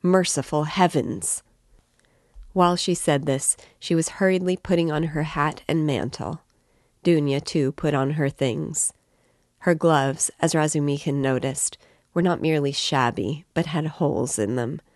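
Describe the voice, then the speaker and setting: A woman's voice: deep voice, moderate pace, darkish tone, no room sound, studio quality. Woman reading a classic novel aloud. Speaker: reader of a novel.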